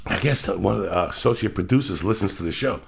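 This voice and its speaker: A middle-aged man hosting a podcast, telling rambling, profane stories in a loud, animated way. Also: sits low, fast, creaky. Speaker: podcast host. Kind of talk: casual podcast chat.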